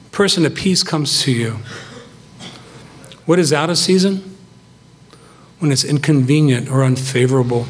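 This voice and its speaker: A middle-aged man giving a farewell sermon to his church, earnest and emphatic in short, punchy phrases. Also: medium pitch.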